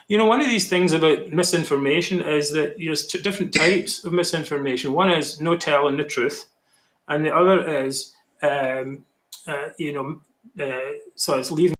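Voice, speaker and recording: A man's voice: fairly high pitch, moderate pace, a bit bright. A man hosting a podcast, rambling and exasperated, with frequent restarts. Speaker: podcast host. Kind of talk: casual podcast commentary. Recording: echoey room on a call.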